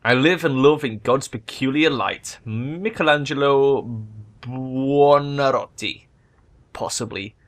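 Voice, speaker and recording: Young guy doing lets play commentary, excitable, swears a lot, just thinking out loud. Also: medium pitch, moderate pace, hardly any pauses. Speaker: let's play gamer. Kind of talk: gameplay commentary.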